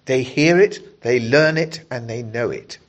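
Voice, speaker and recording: A male preacher delivering a sermon. He explains scripture in a measured, earnest way, pausing to read whole passages aloud to his congregation. His voice sits at an ordinary middle pitch for a man. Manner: measured, earnest Bible exposition with scripture readings.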